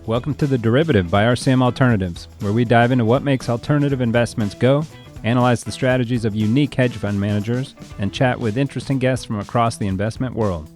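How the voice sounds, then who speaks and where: A man's voice: mid-range voice, fast talker, a little mellow, soft background music. A man giving the scripted show introduction with an upbeat, promotional delivery. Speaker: show announcer.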